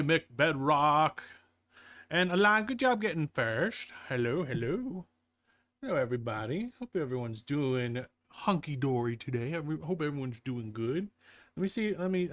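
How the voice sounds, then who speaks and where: A man's voice: on the high side, expressive, moderate pace, fairly bright tone. A man chatting casually on a live stream, rambling playfully and talking to his chat and to himself.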